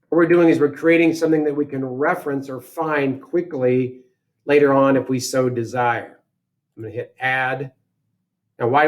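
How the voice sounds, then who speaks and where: A man teaching a software lesson, talking through each step aloud in a casual way and correcting himself as he goes. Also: mid-range voice. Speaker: instructor. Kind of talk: screen-recorded software tutorial.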